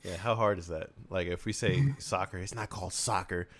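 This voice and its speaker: A man from Minnesota with a Minnesota accent, hosting a casual stream chat, animated and teasing. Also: deep voice, brisk. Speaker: streamer host.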